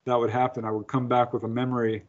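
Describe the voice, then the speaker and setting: A man's voice: mid-range voice, little pitch movement, fast, highs cut off. A man, a guest author, telling stories in a casual interview, laughing often and acting out his own lines.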